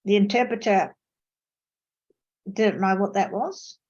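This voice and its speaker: This interpreting lecturer, a native Dutch speaker from the Netherlands, tells stories at a slow pace during an online academic seminar, punctuating them with emphatic pitch jumps. Her voice is a little mellow, and the video call audio sounds dull.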